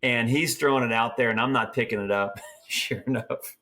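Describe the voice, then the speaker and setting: A man's voice: mid-range voice, normal speed. Folksy man telling a story. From Oregon, US. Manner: folksy, animated storyteller acting out quotes. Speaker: guest, team roper and trainer. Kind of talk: casual storytelling.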